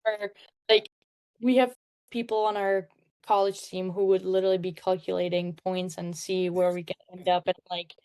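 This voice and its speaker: A woman's voice: on the low side, level tone, moderate pace, darkish tone, smooth. Chatty young woman from Czech Republic. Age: 20s. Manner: chatty, lots of "like", upbeat. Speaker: guest, hockey player. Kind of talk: casual interview chat.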